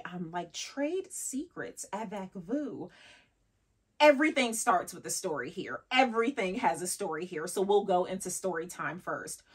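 A woman's voice: mid-range voice, slightly rough. A woman in her thirties chatting casually as a lifestyle vlogger, laughing often and dropping in French phrases. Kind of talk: casual vlog chat.

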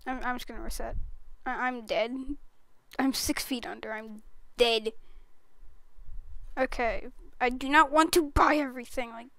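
A woman's voice: on the high side, fairly even intonation, measured pace, creaky, a bit bright, no echo. A woman giving casual, silly gameplay commentary, often breaking into giggles. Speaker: gaming YouTuber.

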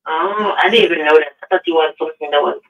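A man's voice: a little high, quick pace, gravelly, a bit bright. A man with a Haitian accent calling in to a talk show and asking doubtful questions. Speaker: caller. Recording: distant tinny phone line.

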